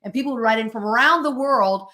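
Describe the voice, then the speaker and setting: An American woman in her sixties, a podcast guest who tells stories in an animated way and acts out the voices and sounds in them. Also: fairly high pitch, fast. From United States. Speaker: guest, spirit-board author and therapist. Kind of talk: storytelling in a podcast interview.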